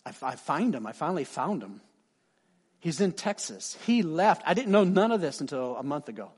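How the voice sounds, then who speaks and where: A man preaching a sermon, telling a story with lively voices for the people he quotes and dropping soft and quiet for emphasis. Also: normal speed, husky. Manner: animated, acts out quoted people with big pitch swings. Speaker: pastor.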